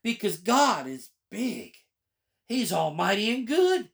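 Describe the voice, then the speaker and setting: A man's voice: high-pitched, sing-song, takes it slowly, creaky. A man preaching his testimony as a pastor, his delivery fervent and emphatic. He leans hard on key phrases and repeats them for weight while working through a passage of scripture. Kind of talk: personal testimony sermon reading scripture.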